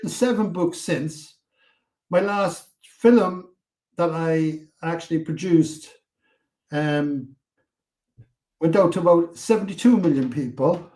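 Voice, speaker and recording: Animated older Irish storyteller, man. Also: fairly high pitch, slow, long pauses. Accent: Irish, Cork. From Ireland. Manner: animated, acts out quotes, swears freely. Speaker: podcast guest. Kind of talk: storytelling interview.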